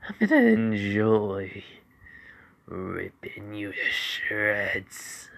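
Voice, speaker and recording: A man putting on a slow, sinister young antihero. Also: sing-song, gravelly, a bit bright, full character voice. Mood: menacing. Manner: slow, low and sinister, sometimes whispered. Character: menacing young male antihero, cruel and taunting.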